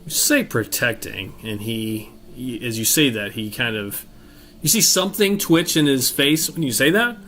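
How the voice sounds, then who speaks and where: Male game master narrating a tabletop session, easygoing and descriptive, mid pitch. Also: normal speed, slight background noise. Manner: descriptive, relaxed, many fillers.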